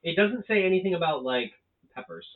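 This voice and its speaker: A man's voice: high-pitched, lively intonation, a little fast. A man casually taste-testing snacks with friends, teasing them with profane banter. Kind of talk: casual chat. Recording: tinny phone-like sound from a distance.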